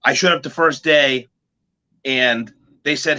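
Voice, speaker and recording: A man with a bright, forward voice tells band stories in a loose, animated way. He swears freely and backs up to restart sentences as he goes, pitched in an ordinary middle range. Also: takes it slowly, long pauses, low-quality recording. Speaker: guest musician. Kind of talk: casual storytelling.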